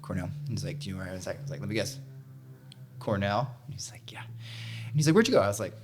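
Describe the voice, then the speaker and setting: Young male co-host, somewhat low voice, energetic casual storyteller. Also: quick pace, over music. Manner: animated storyteller, swears, does voices of others. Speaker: podcast co-host and coach. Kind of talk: casual chat.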